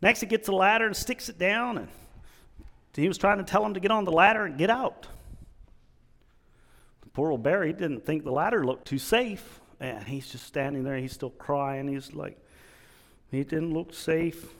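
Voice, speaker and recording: A man preaching a sermon in an earnest, halting way, restarting his sentences often. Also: fairly high pitch, creaky, a bit bright, in a large hall.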